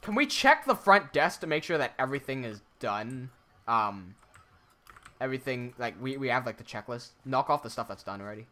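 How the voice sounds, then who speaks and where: A chatty man from Hong Kong with an American-sounding accent, talking on a casual game livestream. His voice is bright and clear, and he reads viewer messages and restarts his sentences often. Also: medium pitch, very animated, normal speed. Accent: American-sounding English. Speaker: Minecraft livestreamer. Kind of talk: casual livestream chat while building.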